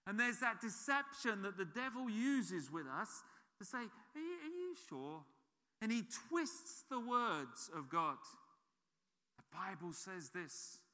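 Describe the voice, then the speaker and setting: A man's voice: sits high, lively intonation, slow, sharp tone. A man preaching a sermon as a pastor, emphatic and repeating key phrases. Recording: reverberant hall.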